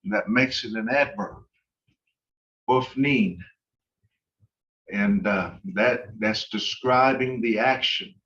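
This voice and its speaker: A man teaching an online language class, explaining grammar slowly with many pauses and fillers. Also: fairly low pitch, steady tone, fairly bright tone, recorded from a distance, highs cut off. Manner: slow and halting, many uhs.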